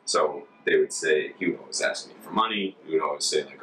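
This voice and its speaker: A young American man in his twenties, a former volunteer, telling stories casually in an interview, chatty and relaxed. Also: rumbling low, fairly quick, a little hiss or hum. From United States. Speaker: former Peace Corps volunteer. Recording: distant mic with faint ambience.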